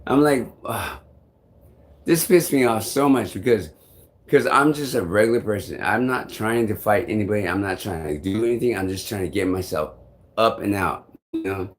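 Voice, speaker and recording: A man with a fairly low voice tells a story straight to the camera. His delivery is rambling and full of cursing, with a frustrated edge throughout. It sounds like casual vlog talk. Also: brisk. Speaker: vlogger.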